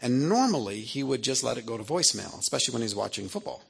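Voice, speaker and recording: A man's voice: mid-range voice, very animated, quick pace, gravelly, fairly bright tone, slightly rough. A man in his fifties, an author telling personal stories to an audience in a conversational manner that keeps checking in with "right?". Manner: conversational, keeps asking 'right?'. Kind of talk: personal storytelling talk.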